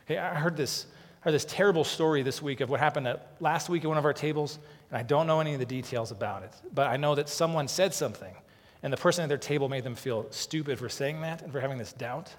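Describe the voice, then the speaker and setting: A man preaches a sermon as pastor, earnest and conversational, often repeating words as he begins sentences. His voice is on the high side, he talks fast, and there's a long reverb tail.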